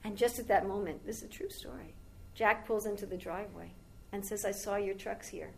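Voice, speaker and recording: A woman's voice: medium pitch, steady tone, brisk, gravelly, a little hiss or hum, rough recording. A woman giving a devotional talk as a spiritual teacher, telling a long story in a rambling, conversational way with asides to her listeners.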